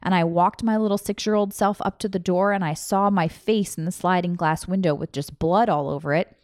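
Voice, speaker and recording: A woman's voice: fairly low pitch, dry recording, clean studio sound. A woman in her thirties telling a raw personal story, candid and emotional, swearing freely. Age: 30s.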